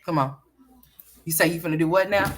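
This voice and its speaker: A woman hosting a casual livestream chat, loud and scolding one moment and joking the next. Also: fairly low pitch, a little fast. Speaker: livestream host.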